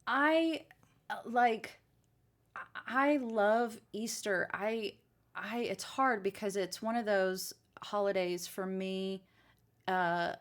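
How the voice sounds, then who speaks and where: A woman's voice: mid-range voice, takes it slowly. Give me a chatty, earnest woman on a podcast. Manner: chatty, earnest, drifts into reflective church talk; frequent restarts and fillers. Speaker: podcast co-host. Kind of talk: casual chat.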